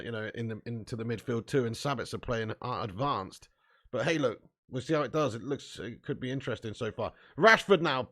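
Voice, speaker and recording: A man hosting a live football watch-along, commenting on play, cheering loudly and chatting casually with viewers. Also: mid-range voice. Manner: excitable, bursts into loud cheering, swears freely, chats to viewers. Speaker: fan watch-along host.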